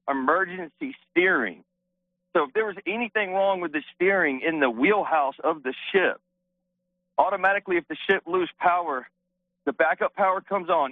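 Male caller, out of breath, earnest, dry tinny phone line, slightly high voice. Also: no echo. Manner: earnest, explanatory, polite. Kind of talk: phoning in to a radio show.

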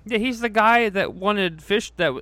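A man's voice: high-pitched, measured pace, pushed and bright. A male podcast host in casual, profane chat who laughs often. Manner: crude, laughs often, swears freely.

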